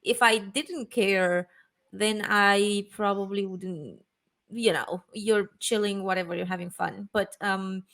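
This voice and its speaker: A woman in her twenties co-hosting a casual chat, relaxed and agreeable with lots of fillers. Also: mid-range voice, slow pace. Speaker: co-host.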